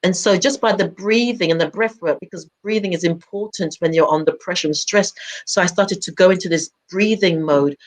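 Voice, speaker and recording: A woman's voice: lowish voice, fairly quick. A woman talking in a radio chat, reflective and encouraging as she shares personal experience. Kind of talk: casual chat.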